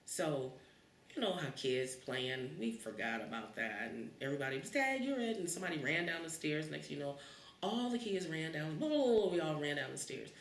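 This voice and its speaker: Animated storytelling woman in her fifties. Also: low voice, moderate pace, creaky, a little hiss or hum. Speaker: interviewee. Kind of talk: oral history storytelling. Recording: roomy, distant mic.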